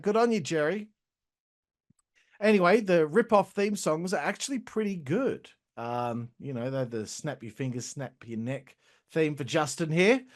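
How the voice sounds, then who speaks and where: A young adult man, hosting a casual wrestling review, talking in a profane, animated rant. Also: on the high side. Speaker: host.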